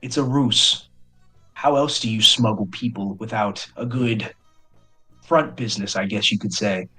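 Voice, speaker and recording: A man's voice: fairly low pitch, a little slow, bright, forceful tone, breathy edge, soft background music, voice pushed down, heavily acted, low-quality recording. A man voicing a smug, menacing male gang boss who carries a gun, with a sneering, threatening delivery.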